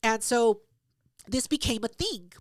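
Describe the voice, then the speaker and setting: A woman co-hosting a podcast, telling a story in a casual, loud and profane way, acting out everyone's lines. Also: on the high side, measured pace, no room sound, studio quality. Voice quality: loud, profane, animated retelling with acted-out quotes. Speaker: podcast co-host.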